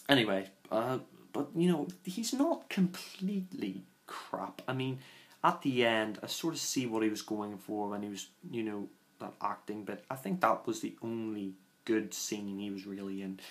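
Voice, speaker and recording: A man's voice: lowish voice, echoey room. A man giving a casual film review, rambling with lots of "you know" and "I mean" and sounding scathing and exasperated.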